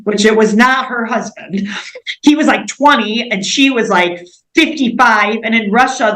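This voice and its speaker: A woman on a missionary interview, telling her stories in a casual, animated way with many "like"s. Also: mid-range voice, roomy sound, rough recording. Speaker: missionary guest.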